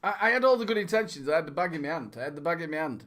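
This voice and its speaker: A man's voice: a little high, rapid-fire. A young man co-hosting a charity livestream in casual chat, telling stories with lots of laughter. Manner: animated storyteller, laughs a lot.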